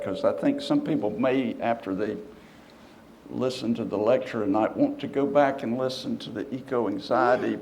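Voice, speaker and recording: A man moderating an audience Q&A, speaking in a halting, low-key way. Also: background noise. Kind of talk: hosting a Q&A. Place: lecture hall.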